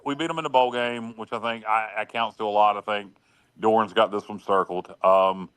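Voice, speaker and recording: Low, crisp voice of a frank man. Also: steady tone, normal speed, fairly bright tone, dry recording. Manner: frank, hedges a lot, restarts sentences. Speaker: podcast co-host and analyst. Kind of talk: casual sports talk.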